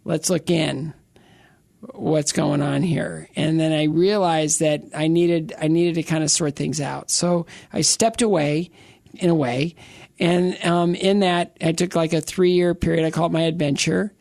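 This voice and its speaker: Rambling middle-aged man with gravelly voice. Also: on the high side, steady tone, a little slow, darkish tone, no room sound, studio quality. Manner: rambling, restarts sentences, joking asides. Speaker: interview guest. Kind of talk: casual interview, personal testimony.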